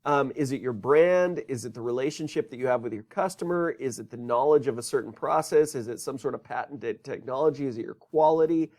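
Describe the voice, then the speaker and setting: A man's voice: medium pitch, brisk, hardly any pauses, a little mellow. A man teaching a business course in a recorded lecture, talking conversationally and asking rhetorical questions.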